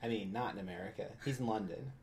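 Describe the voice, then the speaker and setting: A man's voice: fairly low pitch, fast, a little mellow. A man co-hosting a casual book podcast, joking with dry sarcasm. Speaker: podcast co-host.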